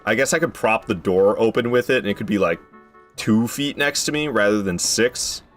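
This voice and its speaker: A man casually chatting through a game stream, excitable and prone to swearing, swinging from mumbles to loud outbursts, recorded in a room at home. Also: lowish voice, normal speed, faint music behind. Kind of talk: casual gameplay commentary.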